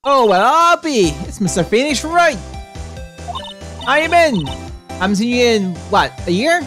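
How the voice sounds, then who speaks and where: A woman's voice: on the high side, big pitch swings, unhurried, fairly bright tone, soft background music, pitched above the performer's own voice. A woman voicing a brash, pushy woman photographer from a video game, with a put-on Southern drawl and folksy, boastful talk. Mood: delighted.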